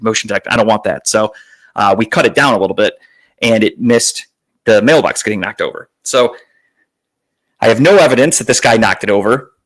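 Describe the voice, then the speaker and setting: A man's voice: fairly low pitch, a bit bright. A young adult man from Northeast Ohio, host of a podcast, telling a rambling, self-deprecating story in casual talk, swearing often. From Northeast Ohio, USA.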